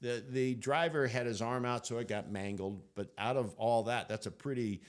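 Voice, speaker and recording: An older man as an interview guest, telling a personal story in an animated way, laughing often and acting out what others said. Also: mid-range voice, moderate pace.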